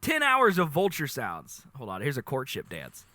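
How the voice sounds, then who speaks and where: Excitable bright-voiced male streamer. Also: mid-range voice, normal speed, dry recording. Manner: excitable, gushing, laughs often. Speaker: live streamer. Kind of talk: casual livestream chat.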